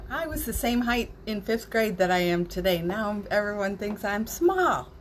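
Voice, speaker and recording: A woman's voice: mid-range voice, lively intonation, normal speed, a little hiss or hum. A woman hosting a spiritual morning livestream, chatting casually, reading out viewer comments, and getting emotional, with laughter and near tears.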